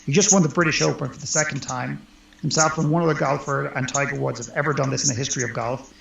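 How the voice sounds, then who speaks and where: A man's voice: mid-range voice, steady tone, quick pace, vocal fry, fairly bright tone, slight background noise. A man who works as a life coach, speaking earnestly and emphatically as an interview guest. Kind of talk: conversational interview. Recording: roomy, dull lo-fi sound.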